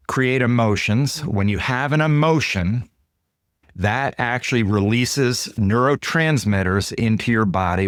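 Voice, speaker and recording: A man, a guest author and consultant, explaining ideas in an interview with lively stories. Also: lowish voice, no echo, studio quality. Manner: animated, acts out dialogue in quoted voices. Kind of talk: storytelling interview answers.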